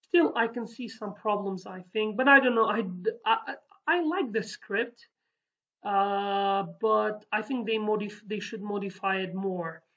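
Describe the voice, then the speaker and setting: A woman's voice: medium pitch, measured pace, a bit bright, highs cut off. Hesitant woman teaching a language lesson. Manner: hesitant, many fillers and restarts. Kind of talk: casual spoken lesson.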